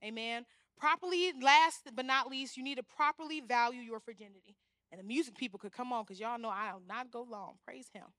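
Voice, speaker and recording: A young woman preaching a sermon, animated, often acting out the voices she quotes. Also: fairly high pitch, brisk, no echo, clean studio sound. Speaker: guest speaker.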